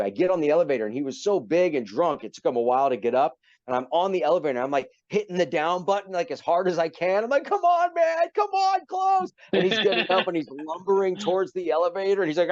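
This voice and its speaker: A middle-aged man telling a story as a guest in a casual interview, animated and acting out the people in it. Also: a little high, dry recording, muffled recording. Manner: animated, acts out voices in his anecdote. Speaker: podcast guest, actor.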